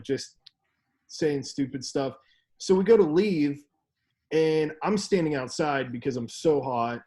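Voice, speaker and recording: A young man co-hosting a casual podcast, telling a story with laughs and acted-out quotes. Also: mid-range voice. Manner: animated, laughing, acts out quoted voices. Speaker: podcast co-host.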